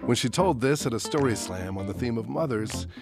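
A man hosting a storytelling show, reading a measured scripted introduction of the speaker. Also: mid-range voice, lively intonation, loud music behind the voice. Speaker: radio host. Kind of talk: scripted narration.

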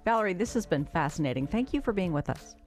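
A middle-aged woman hosting a public radio interview in a measured, conversational way. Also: lowish voice, sing-song, a little mellow, soft background music. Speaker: radio show host.

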